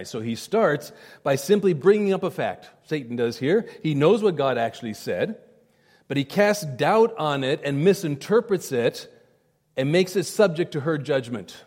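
A man's voice: fairly high pitch, animated, normal speed, a little mellow, in a large hall. A male pastor preaching a sermon emphatically, with repeated phrases and direct appeals to his listeners.

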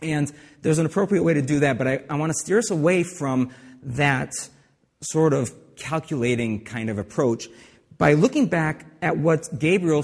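A man's voice: fairly high pitch, a little mellow. Man preaching in a reverberant hall. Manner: conversational preaching with asides and restarts. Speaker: pastor. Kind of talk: sermon.

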